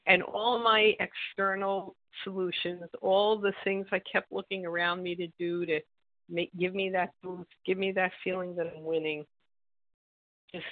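A woman from Israel giving an earnest, halting personal share at a recovery meeting, often pausing with fillers and clearing her throat. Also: fairly low pitch, no room sound. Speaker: meeting member sharing. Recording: tinny phone-like call audio.

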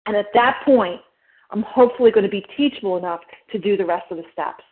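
A woman with a New Jersey accent giving an emphatic, step-by-step share at a recovery meeting. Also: medium pitch. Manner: emphatic, fast-talking, explains step by step. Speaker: meeting member sharing. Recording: phone line.

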